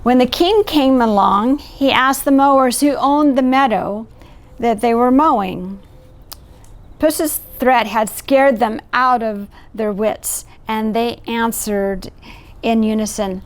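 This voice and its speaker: Speaking slowly in a fairly high voice, a middle-aged volunteer storyteller reads a picture book aloud. She stops now and then to show the pictures and chat warmly about the story.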